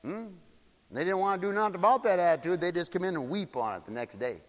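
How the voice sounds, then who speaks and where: A man preaching a sermon in an animated, mocking way, slipping into shrill wailing impressions. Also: fast, big-room sound.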